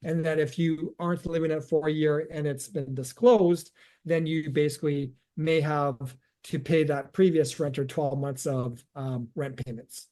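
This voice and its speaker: A man's voice: on the high side, steady tone, normal speed, dark tone. A man co-hosting a real estate podcast, explaining rules step by step and recapping them. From Canada. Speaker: realtor podcast co-host. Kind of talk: casual podcast chat.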